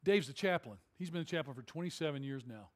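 A high-voiced male pastor, preaching to his congregation. He tells a story with jokes, then builds to emphatic, rising calls. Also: lively intonation, fast. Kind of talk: sermon.

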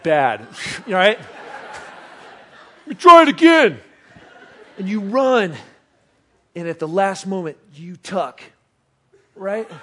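A man preaching a sermon as pastor, telling a story with loud excited bursts that drop to quiet reflection. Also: high-pitched. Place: church service.

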